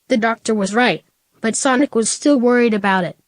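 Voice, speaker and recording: A woman reading a fan story aloud in a flat, matter-of-fact way. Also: on the high side, brisk, no echo. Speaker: narrator.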